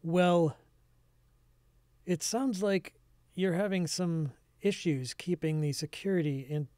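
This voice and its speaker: Man playing a sighing wry stranger, calm, unhurried, dry close sound. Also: sits high, no echo.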